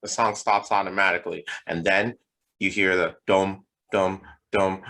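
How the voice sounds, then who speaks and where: A young man with a low, hard-edged voice rambles through a comic story on a casual podcast. He swears freely and stacks one riff on another. His delivery stays loose and animated. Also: normal speed, gravelly, rough recording. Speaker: podcast co-host. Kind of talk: casual comedic chat.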